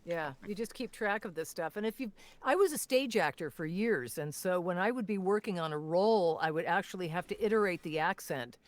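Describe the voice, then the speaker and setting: Expressive woman telling stories. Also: fairly low pitch, fairly quick, hardly any pauses. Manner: expressive storyteller who acts out quotes. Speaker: voice actor guest. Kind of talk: casual panel chat.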